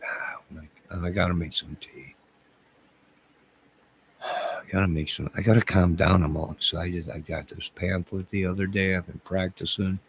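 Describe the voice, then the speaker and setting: A man's voice: low voice, steady tone, moderate pace, slight background noise. A man playing a bumbling, lonely single man who rambles and stammers, bragging one moment and apologizing the next in a comedic monologue to camera. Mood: rambling.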